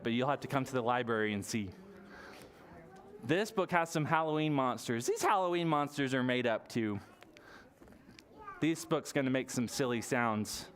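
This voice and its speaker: A library storytime leader reading a picture book aloud to toddlers, playful and animated, with gasps and silly sounds. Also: mid-range voice. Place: public library storytime session.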